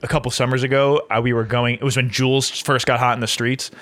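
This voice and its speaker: A man's voice: medium pitch, little pitch movement, fast talker, a bit bright. A young man co-hosting a podcast, chatting casually, laughing often and swearing freely as he tells stories. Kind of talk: casual chat.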